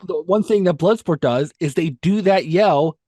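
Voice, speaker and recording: Animated man recapping a movie. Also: fairly high pitch, normal speed, no echo, clean studio sound. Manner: animated storyteller, recaps plots with vivid jokes. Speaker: podcast co-host. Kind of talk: casual movie-review chat.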